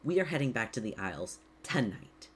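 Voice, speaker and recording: A woman's voice: rumbling low, sing-song, brisk, breathy edge, voice pushed down, full character voice. A woman voicing an agitated, stern man who speaks curtly, in a tabletop game. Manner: curt, stern.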